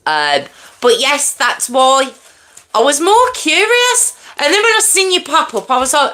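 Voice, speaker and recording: A woman's voice: sits high, sing-song, unhurried, sharp tone. A woman hosting a live stream, chatting casually and self-mockingly with her viewers and laughing often, from home. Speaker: livestream host. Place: at home with a fan nearby.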